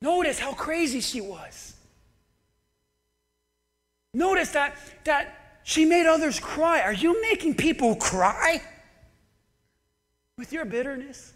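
A man, a pastor, preaching a sermon in a church, animated and conversational, swinging between loud emphasis and quiet asides. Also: very high voice, slow, pauses often. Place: church sanctuary. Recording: long church hall reverb.

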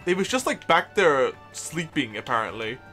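A man's voice: on the high side, sing-song, moderate pace, pushed and bright, faint music behind. A young man live-streaming a video game, joking, swearing casually and laughing often. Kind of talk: live-streamed let's play.

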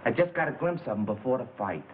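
A man's voice: medium pitch, expressive, fast talker, lightly acted. An actor playing a chatty young bellhop full of slang, eager to tell what he saw. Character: gossipy young hotel bellhop. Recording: tinny old film soundtrack with hiss.

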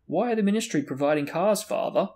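A man's voice: fairly high pitch, moderate pace. A man reading aloud, voicing a pompous, self-important teenage boy with a stiff, dignified manner. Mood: lofty.

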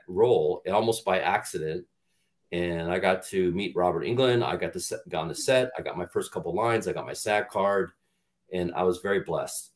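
A middle-aged man, a guest on an interview show, telling rambling, profane stories and acting out what others said. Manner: animated storyteller, acts out quotes in a louder, higher voice. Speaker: guest, actor and former football player. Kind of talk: storytelling in an interview.

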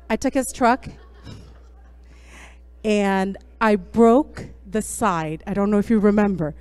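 Woman, church member, warm-hearted testimony, halting fillers, dry close mic. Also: medium pitch, clear, resonant tone, no echo. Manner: emotional, laughing and halting with fillers. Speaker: church member giving a tribute. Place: church sanctuary.

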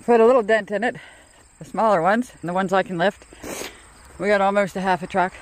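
A woman's voice: medium pitch, brisk, a little hiss or hum. A woman from Canada chatting casually on a phone camera, out of breath from outdoor work. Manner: chatty, laughs often, talks to her cats in a sweet baby voice. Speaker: vlogger. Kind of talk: casual vlog chat. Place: outdoors at a rural woodpile, then indoors at home. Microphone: handheld phone camera.

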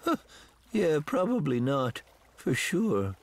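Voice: medium pitch, huge pitch swings, slow, a little hiss or hum, heavily acted. A voice actor playing a sensitive, touchy male cartoon animal who turns flustered and defensive.

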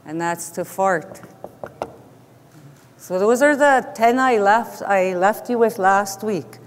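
A man teaching a language class who says each word slowly and then repeats it. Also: high-pitched. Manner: slow, patient, repeats each word twice. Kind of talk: language lesson, repeating vocabulary. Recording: echoey room with long reverb.

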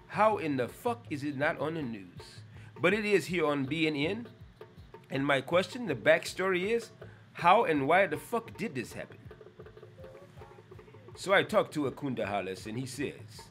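A man's voice: fairly high pitch, big pitch swings, moderate pace, a bit bright, faint music behind. Ranting, profane comedy news man. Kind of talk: mock news rant.

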